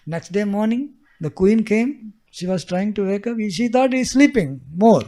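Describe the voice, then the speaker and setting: A male spiritual teacher tells a scripture story to a class. His voice sits high, and he chuckles often. He repeats key phrases for emphasis. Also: animated, a little slow, mellow.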